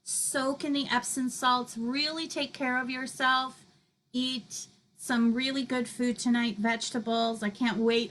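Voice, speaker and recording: A woman's voice: fairly high pitch, steady tone, a little slow, fairly bright tone, slight background noise, low-quality recording. A woman hosting a spiritual meditation stream, chatting effusively with viewers, laughing often and reading out their comments. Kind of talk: live-stream closing chat with viewers.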